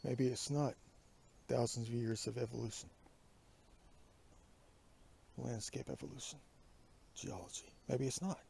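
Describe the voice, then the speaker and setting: Gravelly man rambling on a hike. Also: medium pitch, mellow. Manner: rambling, often drops to a whisper. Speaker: vlogger. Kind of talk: outdoor hiking vlog. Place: outdoors on a wooded mountain road.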